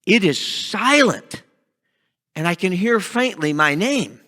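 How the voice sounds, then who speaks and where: A man's voice: sits high, very animated, heavily acted. A man playing a cocky blind beggar. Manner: halting with many restarts, shouting out pleas. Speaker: pastor acting a first-person sermon drama. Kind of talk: dramatic first-person monologue. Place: church sanctuary.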